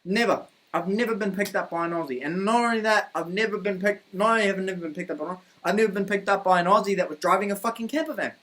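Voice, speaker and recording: A New Zealand man with a notably high voice goes on a heated, swearing rant. He rambles from point to point in a casual vlog monologue recorded in a room at home. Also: fast talker, few pauses, a bit bright. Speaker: vlogger. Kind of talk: ranting opinion monologue.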